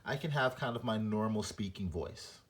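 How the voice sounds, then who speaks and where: A man teaching a reading lesson, explaining punctuation and reading a short story aloud to show flat and expressive delivery. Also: fairly low pitch, normal speed.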